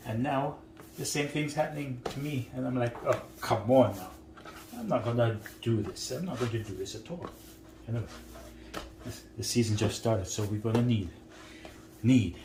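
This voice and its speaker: A man with a low voice hosts a relaxed cooking lesson from his home kitchen. He keeps up a friendly running chat, checking in with his viewers as he goes. The room rings with echo while dishes, pots and pans clatter loudly around him. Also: background noise. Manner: chatty, often checks in with 'right?'. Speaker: home cook host. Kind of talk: casual cooking demonstration. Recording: roomy kitchen with loud clattering.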